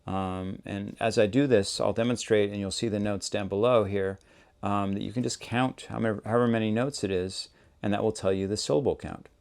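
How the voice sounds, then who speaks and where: A man hosting a songwriting lesson, explaining step by step in a relaxed, conversational way. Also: on the low side, brisk, vocal fry, clean tone. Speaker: songwriting teacher, show host. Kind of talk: casual instructional talk.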